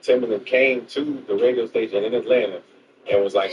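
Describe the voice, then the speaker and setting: A man's voice: lowish voice, fast talker. A man, a rapper who once worked at a radio station, telling an anecdote full of quoted exchanges. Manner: lively storytelling with quoted exchanges. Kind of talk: anecdotal storytelling. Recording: dull, roomy, distant noisy recording.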